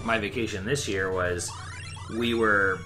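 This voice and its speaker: A man's voice: lowish voice, steady tone, measured pace, music in the background. A young man in casual chat, telling a vacation story in a rambling, laid-back way full of fillers.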